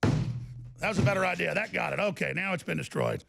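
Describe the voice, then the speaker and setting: A middle-aged man hosts a talk radio show from a studio. His voice sits high and gravelly, and he rants in an energized way, stumbling over quick restarts. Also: over loud music. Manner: energized, fast ranting with repeated restarts. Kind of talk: ranting talk radio broadcast. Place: broadcast studio.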